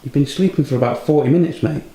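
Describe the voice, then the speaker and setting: A man's voice: fairly high pitch, fast, warm tone. An English man as a comedy sidekick, teasing and questioning in banter. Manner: teasing, questioning, says "mate". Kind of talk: comic banter. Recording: roomy echo.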